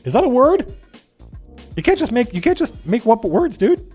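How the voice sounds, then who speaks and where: A man hosting a casual livestream, reading old game zines aloud and breaking off into rambling, animated comments. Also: extremely high pitch, normal speed, husky, soft background music. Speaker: livestream host.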